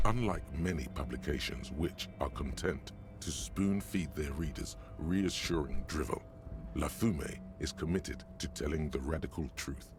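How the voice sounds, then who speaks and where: A man voicing an omniscient game narrator, reading in a measured, scripted manner. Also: rumbling low.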